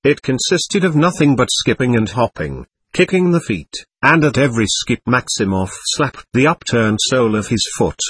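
Husky male audiobook narrator. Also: mid-range voice, very animated, a bit bright, no echo. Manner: measured literary reading. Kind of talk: scripted narration.

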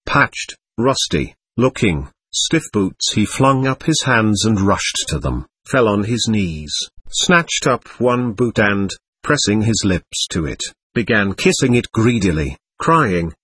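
Husky-voiced male audiobook narrator. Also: lowish voice, big pitch swings, takes it slowly, a bit bright. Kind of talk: expressive scripted narration.

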